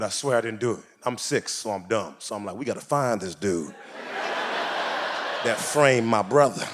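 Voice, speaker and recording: A man doing a stand-up comedy set on stage, animated and jumping into high shouted voices when acting out quotes. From Portland, Oregon. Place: theater stage before a live audience. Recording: live stage recording with audible audience noise.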